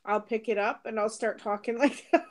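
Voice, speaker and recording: Middle-aged woman co-host, bright high pitch, relaxed chatter and frequent laughs, no accent. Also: moderate pace. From Britain. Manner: chatty, laughs often, answers comments aloud. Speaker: co-host reading viewer comments. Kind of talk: casual live-stream chat.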